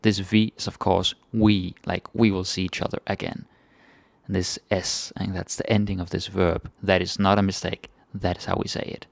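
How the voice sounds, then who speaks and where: A young man with a Danish accent, teaching a casual language lesson and repeating each word slowly for learners. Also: low voice, little pitch movement, vocal fry, dry recording.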